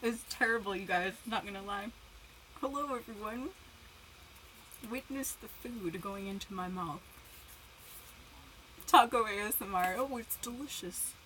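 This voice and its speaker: A woman's voice: mid-range voice, measured pace, pauses often, sharp tone, a little hiss or hum, poor audio. A young woman livestreaming in casual chat, giggling, greeting viewers by name and talking while eating.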